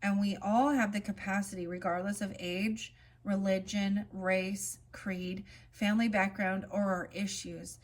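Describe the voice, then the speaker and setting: A woman reading oracle cards in a casual spiritual vlog, switching between slow, gentle card readings and rambling chatty asides. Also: mid-range voice, little pitch movement. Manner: reads card meanings in a soft, slow cadence.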